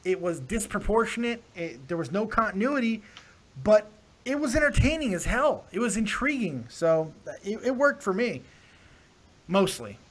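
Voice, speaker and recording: A man hosts a live call-in show in a fairly high voice. He talks casually and emphatically, jokes with his callers, and swears without a second thought. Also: moderate pace. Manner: animated, emphatic, swears freely, playful with callers. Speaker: host of a live call-in wrestling review show.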